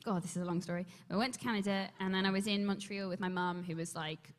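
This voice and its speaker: A woman's voice: medium pitch, steady tone, quick pace, slight background noise. A woman on a convention panel telling a long story, rambling and breaking off mid-sentence as she talks. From England. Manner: rambling, self-interrupting storyteller. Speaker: panel guest actor. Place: large convention hall. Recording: long hall reverb.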